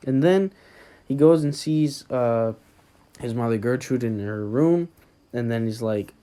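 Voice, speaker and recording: A man's voice: medium pitch, measured pace, mellow, clean tone. A man loosely retelling a play's plot for a class, with fillers.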